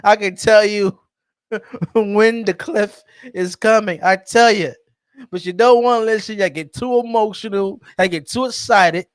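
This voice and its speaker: A man's voice: sits high, unhurried, smooth, no echo. A man co-hosting a sports podcast, mocking rival fans and laughing through his lines in casual banter. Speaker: podcast co-host.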